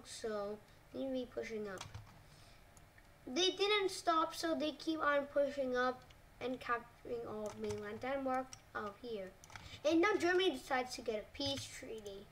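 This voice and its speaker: A woman narrating a map scenario in a casual, hesitant way, often pausing on "like" and correcting herself. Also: high-pitched, lively intonation, fairly bright tone, distant mic, a little hiss or hum. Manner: hesitant, full of "like" and self-corrections.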